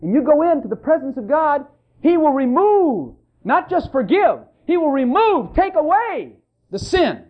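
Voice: sits high, very animated, unhurried. A preacher delivering a fervent, emphatic sermon in church, repeating phrases and calling out to the congregation. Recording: tinny phone-like sermon recording.

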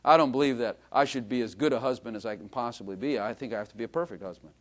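A man's voice: mid-range voice, rapid-fire. A man preaching a sermon, telling jokey stories about himself and calling out to the congregation. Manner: animated, joking storytelling with the congregation. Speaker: pastor.

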